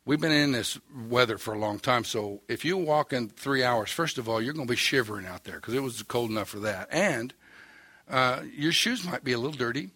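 A man's voice: medium pitch, animated, a little fast, pushed and bright, husky, dry recording. An older man with an Oklahoma accent preaching a sermon, telling a story in a folksy, wry, self-mocking way. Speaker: pastor.

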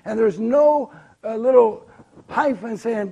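A man with a fairly high voice preaches a sermon to his congregation. He talks in a conversational way, pressing hard on key points, then dropping into quiet asides. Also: moderate pace. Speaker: pastor. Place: church hall before a congregation.

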